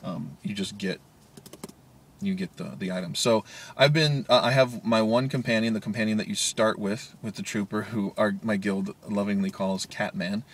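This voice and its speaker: A man with a husky, fairly low voice rambles through a casual daily video chat. He fills his talk with ums and chuckles often. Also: fairly even intonation, normal speed. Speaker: vlogger. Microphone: handheld media player camera.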